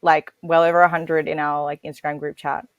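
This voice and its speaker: Chatty Australian woman, slightly low voice. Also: level tone, a little fast, dry recording, lo-fi sound. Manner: chatty, laughs often, many fillers. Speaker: podcast guest. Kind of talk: casual chat.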